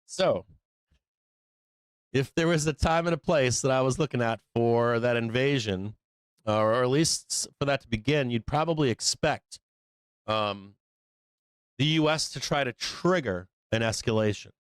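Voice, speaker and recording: A man's voice: medium pitch, unhurried, clear, resonant tone, dry recording. A man hosting a live stock market show, talking in a blunt, profane, rambling way. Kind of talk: casual market commentary.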